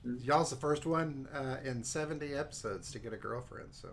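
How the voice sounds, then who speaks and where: Halting man at the game table. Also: medium pitch, vocal fry, slight background noise. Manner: halting, with many fillers. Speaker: player.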